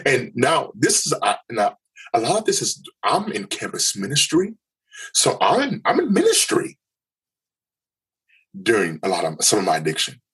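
A man telling a personal story in an interview, earnest and halting, often restarting his sentences. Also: mid-range voice, wildly swooping pitch, fairly bright tone, husky, poor audio. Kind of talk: candid personal testimony.

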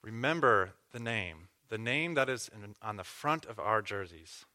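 Man preaching a sermon, earnest, fairly low and bright, clear forceful tone. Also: lively intonation, a little slow, hardly any pauses. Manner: earnest, with fillers and restarts. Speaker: pastor. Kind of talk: sermon ending in prayer.

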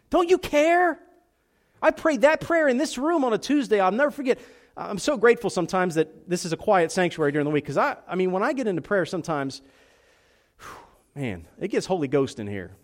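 A pastor with a notably high voice preaches in his church sanctuary. He swings between soft, confiding passages and loud, urgent declarations. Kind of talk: sermon.

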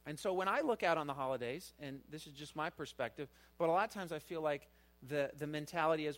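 A middle-aged man preaching a sermon as pastor, earnest, his voice rising louder for emphasis. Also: fast. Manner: earnest, rises in pitch and volume for emphasis.

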